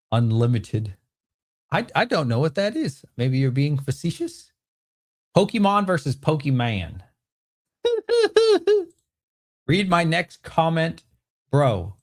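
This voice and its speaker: Hosting a casual livestream Q&A from home, a man with a medium-pitched voice answers chat comments in an animated, bantering manner.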